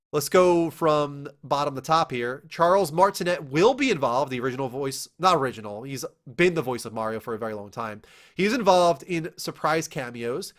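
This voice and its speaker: Lively, excitable young man hosting. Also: fairly high pitch. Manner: excitable, animated, quick asides. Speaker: show host. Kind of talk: casual entertainment news commentary.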